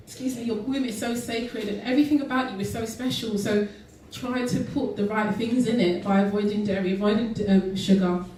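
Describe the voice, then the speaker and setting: A woman's voice: on the high side, fairly even intonation, brisk, hardly any pauses, dark tone, a little hiss or hum. Earnest woman in an echoey hall. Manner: earnest, with frequent ums and restarts. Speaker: guest speaker. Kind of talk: casual health talk to an audience. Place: event hall. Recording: echoey hall recorded from far off.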